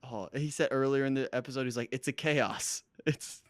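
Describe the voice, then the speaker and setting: A man's voice: medium pitch, normal speed, no room sound. A man co-hosting a podcast, recapping a reality dating show in casual, joking chat and laughing often. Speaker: podcast co-host.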